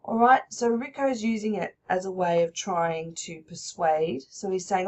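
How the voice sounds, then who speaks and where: A woman's voice: fairly low pitch, unhurried, hardly any pauses. A woman teaching a recorded lesson, explaining step by step and checking in with "all right?".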